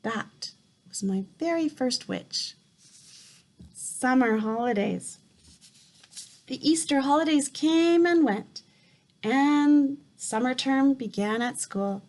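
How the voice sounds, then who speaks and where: A woman reading a children's book aloud, steady and calm. Her voice sits slightly high. She takes her time over every sentence. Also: takes it slowly, long pauses. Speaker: reader. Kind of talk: storybook read-aloud.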